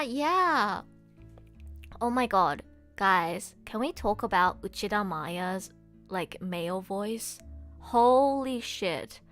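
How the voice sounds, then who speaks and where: A young woman, a voice actress, chatting casually on a live stream, gushing excitedly with frequent giggles. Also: medium pitch. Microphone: laptop streaming setup.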